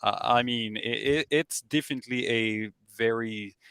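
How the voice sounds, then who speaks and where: Bright, crisp, lower-voiced man hosting. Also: normal speed, no echo, studio quality. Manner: hesitant, with many fillers. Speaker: interview host. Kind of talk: casual interview chat.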